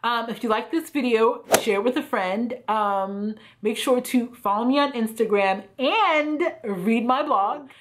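A woman vlogging a casual clothing try-on haul, chatty and full of fillers, her voice a little hoarse and croaky. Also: on the high side, measured pace, few pauses. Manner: chatty, lots of fillers like "you know" and "like". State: slightly hoarse, croaky throat. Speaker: fashion vlogger.

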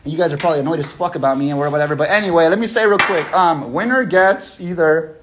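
A young man talks to his followers over a phone livestream, rambling and swearing through slangy pep talk. His voice sits a little high for a man. The delivery stays loose and unscripted. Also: animated, a little fast, background noise. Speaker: livestream host running a raffle. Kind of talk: casual livestream chat.

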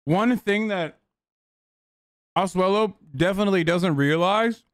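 A man's voice: high voice, unhurried, dry recording, clean studio sound. A man streaming, reacting to a reality show in blunt, casual commentary full of slang and swearing. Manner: blunt, swears freely, lots of "like" and "dude".

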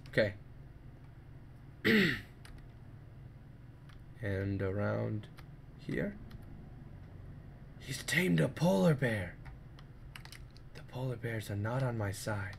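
A man commenting on his gameplay, jumpy and excitable, yelping and making sound effects in fights. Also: lowish voice, drawn-out words, vocal fry, pauses often, a little hiss or hum. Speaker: let's play gamer.

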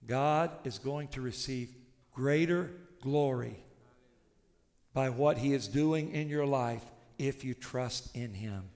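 A male pastor preaching a sermon with passion, swinging between shouted declarations and hushed, intimate tones. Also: mid-range voice, slow, in a large hall.

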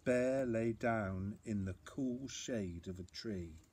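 A man reading his own picture book aloud to children in an expressive, animated storybook style. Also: lowish voice, takes it slowly, slightly rough. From England.

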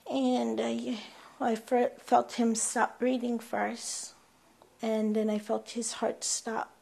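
Slow, raspy, flat-toned grieving mother. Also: a little high. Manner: slow, plain, heartfelt storytelling. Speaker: bereaved mother. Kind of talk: documentary interview.

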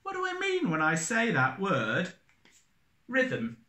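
A male teacher talks slowly, pitch rising and falling as he counts out beats and syllables. His voice is bright. The room around him echoes. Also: wildly swooping pitch. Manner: slow, sing-song, counting out syllables and beats. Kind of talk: recorded classroom lesson.

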